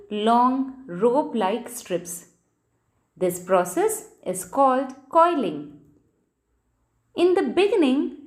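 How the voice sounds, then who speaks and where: A woman teacher, reading a textbook lesson to children and spelling out key words letter by letter. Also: sits high.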